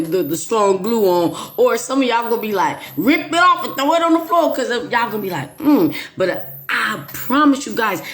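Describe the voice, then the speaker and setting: A woman hosting her own channel, telling a personal story to viewers in an animated, emphatic way with playful asides. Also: on the high side. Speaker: YouTube channel host. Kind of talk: casual storytelling monologue to viewers.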